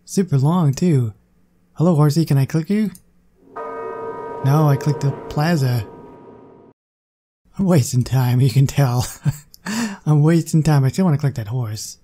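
A young man giving casual, excitable commentary on his gameplay and chatting to viewers. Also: on the high side, a little slow, pauses often, noisy background. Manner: excitable, chatty, talks to the game. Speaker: gaming channel host.

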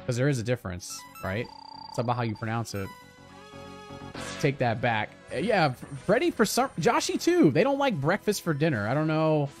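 A man's voice: fairly high pitch, sing-song, normal speed, faint music behind. A man chatting casually with viewers during a game livestream, reacting to gameplay and reading chat aloud. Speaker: game streamer.

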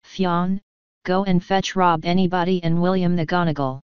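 A woman voicing an ancient fairy clan mother, slow and commanding. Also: lowish voice, flat delivery, smooth, no echo, lo-fi sound, close to an everyday voice. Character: ancient tiny Scottish-voiced fairy clan mother, stern.

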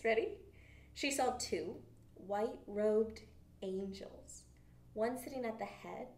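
A woman leads a children's Bible lesson, telling the story with lively, animated expression. Her voice rings in an echoey room, picked up from a distance. Her pitch sits in the middle range. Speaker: children's ministry teacher.

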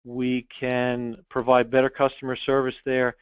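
A man's voice: mid-range voice, completely flat delivery, unhurried, clean tone, dry recording, highs cut off. A man who owns an online store, talking directly and confidently as a guest in a business interview, with frequent ums. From United States.

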